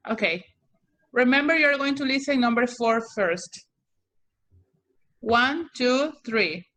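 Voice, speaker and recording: Woman English teacher, online class, patient, repeats and checks in often, pitch a bit high. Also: slow, a bit bright.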